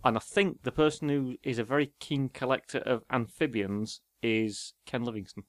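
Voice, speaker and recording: Guy, ums and restarts, figuring things out loud, mid voice, no room echo. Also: medium pitch, fairly even intonation, normal speed, clean studio sound. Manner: hesitant, thinks aloud with ums and restarts. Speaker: podcast co-host. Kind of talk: casual chat.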